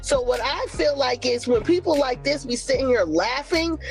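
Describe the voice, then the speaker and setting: A woman's voice: high voice, lively intonation, normal speed, hardly any pauses, soft background music. A woman co-hosting a casual livestream, speaking with passion and indignation. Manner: passionate, indignant, talks it through. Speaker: livestream co-host.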